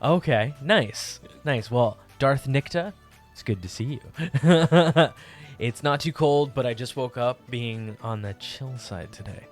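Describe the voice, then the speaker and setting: A man's voice: mid-range voice, soft background music. Bubbly, laughing man chatting to his stream. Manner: bubbly, laughs often, halting restarts. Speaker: livestream host. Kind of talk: casual chat with live chat viewers. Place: basement apartment.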